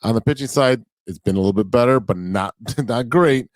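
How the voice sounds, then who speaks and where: A man's voice: medium pitch, fairly quick, no room sound. A man hosting a podcast in casual chat, easygoing, laughing along and running through stats. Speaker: podcast host.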